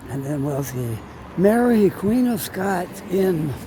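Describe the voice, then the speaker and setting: A man's voice: sits high, sing-song, takes it slowly. A man from Canada narrating a walk through city streets, chatting and rambling as he thinks aloud, recorded on a phone. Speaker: walking vlogger. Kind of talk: casual walking narration. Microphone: phone held while walking. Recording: outdoor street noise behind.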